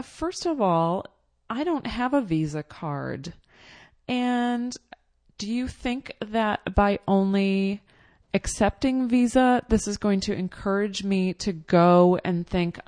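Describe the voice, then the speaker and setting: A woman's voice: medium pitch, lively intonation, slow pace, darkish tone, no room sound. A woman telling a casual personal story in a chatty, exasperated way with lots of fillers.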